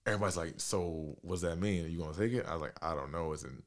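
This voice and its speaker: A young man in his twenties, telling a story in a casual chat, slangy and animated, acting out the dialogue. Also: deep voice, fast talker. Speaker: podcast guest.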